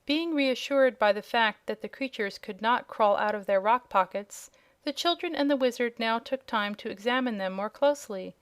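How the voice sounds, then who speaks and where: Smooth-voiced woman narrating a storybook. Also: a little high, moderate pace. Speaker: audiobook narrator.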